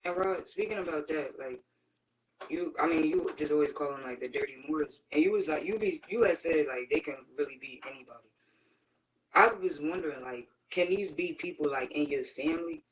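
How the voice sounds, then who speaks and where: A man's voice: fairly high pitch, fairly quick, a bit bright, rough recording. A man interviewing a guest, asking his question hesitantly with many fillers and restarts. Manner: hesitant, full of filler words.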